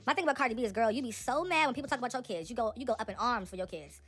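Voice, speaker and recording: A woman's voice: on the high side, rapid-fire, a bit bright. A woman hosting a celebrity gossip channel, giving casual, sassy and opinionated commentary straight to her viewers.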